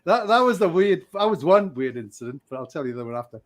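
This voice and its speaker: A man's voice: a little high, sing-song, fast talker. A middle-aged man telling stories on a podcast, laughing often and acting out the voices of people he quotes. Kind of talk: casual storytelling.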